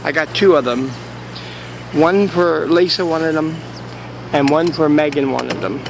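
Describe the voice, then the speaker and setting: A vlogger with a raised, gravelly voice on the high side tells a story in an unhurried, rambling way, joking and going off on tangents as he chats casually with viewers. He films himself in a parking lot and then in his parked car, with faint outdoor noise in the background.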